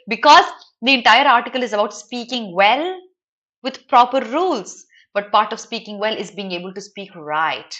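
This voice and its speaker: A young Indian woman teaching English in a live online class, explaining an article lively and asking her students questions. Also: on the high side. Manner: animated, asks students questions, addresses viewers by name.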